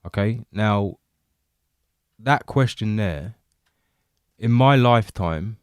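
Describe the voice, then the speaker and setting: A man co-hosting a podcast, speaking in a measured, thoughtful way. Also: on the low side, expressive, smooth, no room sound, studio quality. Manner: measured, thoughtful, reads aloud. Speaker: podcast co-host. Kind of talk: casual chat.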